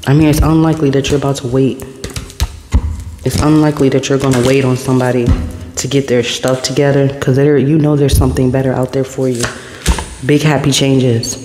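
Man giving a tarot reading in an echoey room. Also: mid-range voice. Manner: repetitive, meandering, speaking messages as they come. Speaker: tarot reader. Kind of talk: intuitive tarot reading to camera. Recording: echoey room with long reverb and steady background noise.

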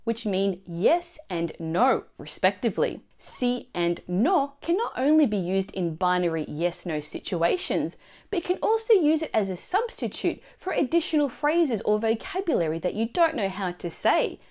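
A woman teaching a language lesson, explaining phrases and their pronunciation clearly and slowly. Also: mid-range voice, sing-song, a little mellow. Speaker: Italian teacher.

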